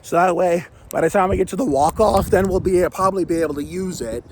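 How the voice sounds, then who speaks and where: Raspy-throated man vlogging outdoors. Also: sits high, quick pace, darkish tone, slight background noise, rough recording. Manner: rambling, restarts sentences often. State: sore throat. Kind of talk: casual vlog talk.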